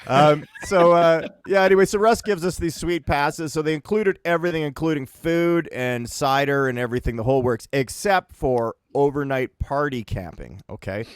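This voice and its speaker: A man's voice: fairly high pitch, moderate pace, few pauses, clear, resonant tone, dry recording, studio quality. Laid-back Canadian man telling a story. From Winnipeg, Canada. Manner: animated, laughing, acting out quoted friends. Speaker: podcast co-host telling a story. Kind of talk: casual storytelling on a podcast.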